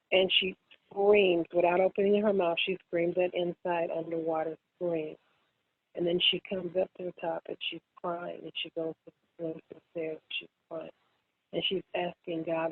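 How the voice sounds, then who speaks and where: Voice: mid-range voice, husky, no echo. Rambling author on a tinny phone line. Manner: rambling, restarts and corrects details. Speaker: author calling in to a radio show. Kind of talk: casual phone-in storytelling.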